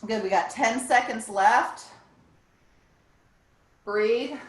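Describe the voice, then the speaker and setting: A woman's voice: on the high side, slow, pauses often, fairly bright tone. A woman fitness instructor leading a live online workout class over a video call, upbeat and encouraging as she counts down reps. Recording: echoey room, distant from mic.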